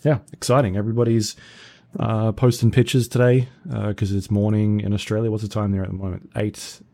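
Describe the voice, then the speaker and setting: Mellow-voiced man, relaxed podcast co-host. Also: on the low side, fairly quick, vocal fry. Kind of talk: casual chat.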